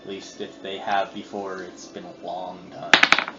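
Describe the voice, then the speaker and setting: A man running a tabletop role-playing game as dungeon master, describing scenes in a halting, casual way with plenty of fillers. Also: sits low, level tone, roomy sound, over loud music. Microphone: phone on the table. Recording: noisy lo-fi phone recording.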